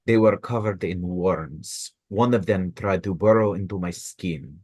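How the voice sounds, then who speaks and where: A man playing a tabletop game, speaking formally and in measured tones as his character. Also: deep voice, darkish tone, husky, no room sound, studio quality. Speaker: player. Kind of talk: in-character tabletop role-play.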